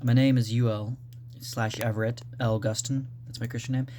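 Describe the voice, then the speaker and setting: A man's voice: medium pitch, level tone, moderate pace, dark tone, a little hiss or hum, close to an everyday voice. A man reading aloud from his own draft as an aloof, uneducated Southern man of about thirty, in a plain first-person voice. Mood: offhand.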